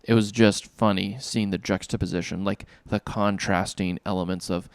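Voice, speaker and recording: A lower-pitched man chatting through a solo review on his podcast. He is upbeat and enthusiastic, with loose, joking asides. The sound is close and dry, with no room echo. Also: fairly even intonation, moderate pace, clear, resonant tone. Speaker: podcast host. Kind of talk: casual solo review talk.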